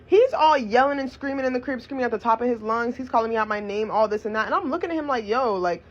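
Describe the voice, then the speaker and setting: A young woman vlogger telling a personal story in a blunt, profane, animated way. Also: fairly high pitch, quick pace. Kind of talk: casual storytime vlog. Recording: dull lo-fi recording.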